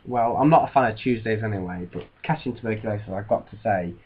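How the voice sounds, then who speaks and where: A man's voice: fairly low pitch, fast talker, husky. A man co-hosting a comedy podcast, often mock-exasperated with his co-hosts in casual banter. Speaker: podcast co-host. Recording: dull lo-fi podcast audio.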